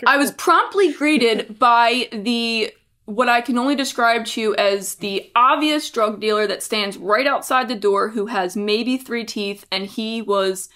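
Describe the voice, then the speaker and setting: A young woman co-hosting a podcast, telling a story in a lively, animated way and acting out what people said. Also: a little slow. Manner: animated storyteller, acts out quotes in high voices. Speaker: podcast co-host. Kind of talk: casual storytelling chat.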